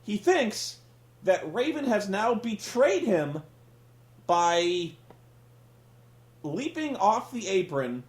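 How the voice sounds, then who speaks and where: Sarcastic ranting man, high lively voice. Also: slow, pauses often, echoey room. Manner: sarcastic, profane, exasperated. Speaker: podcast host reviewing wrestling. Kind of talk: casual comedic rant.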